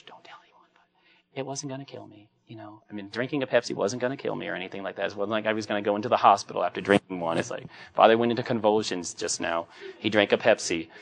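Middle-aged priest, joking homily. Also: male voice, medium pitch. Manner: anecdotal and joking, acts out quoted voices. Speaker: Catholic priest. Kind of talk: conversational homily.

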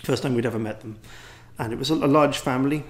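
An English-accented priest speaks to a gathering in a wry, rambling way, poking fun at himself as he goes. His voice sits at a middling pitch for a man. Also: fast talker. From England. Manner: wry, rambling, self-deprecating. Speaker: priest and teacher. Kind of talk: anecdotal talk to a gathering.

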